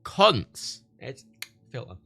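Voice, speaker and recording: Over background music, a British man speaks very slowly in a casual livestream chat. He rambles crudely and keeps interrupting himself to start over.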